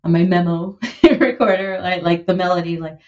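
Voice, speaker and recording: A woman in her thirties, a musician being interviewed, talking in an animated, heartfelt way with lots of "like" and "you know". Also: fairly low pitch, moderate pace, muffled recording. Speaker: musician and producer, guest. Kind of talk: conversational interview.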